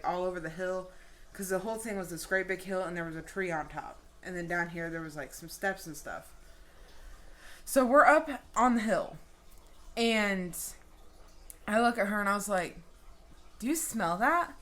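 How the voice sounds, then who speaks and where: Woman vlogger doing a storytime, low voice but bright and punchy, super animated, swears a lot. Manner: animated, swears casually, laughs mid-story. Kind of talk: casual storytelling.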